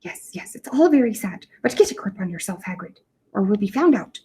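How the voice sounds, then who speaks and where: A woman voicing a strict, brisk older female professor, read from a storybook. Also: medium pitch, animated, mellow, husky. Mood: stern. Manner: brisk, stern. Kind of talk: storybook reading aloud.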